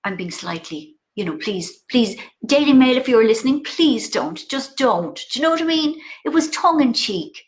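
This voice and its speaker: A middle-aged Irish woman talks over a video call with a lively, animated delivery. Her voice sits a little high and swoops a lot. She keeps things casual and full of playful asides. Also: moderate pace, few pauses. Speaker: author guest.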